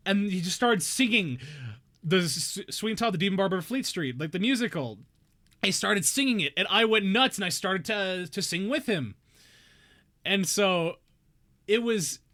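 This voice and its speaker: A man streaming a game, chatting casually and telling a rambling, excitable story. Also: high-pitched, moderate pace. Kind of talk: casual chat.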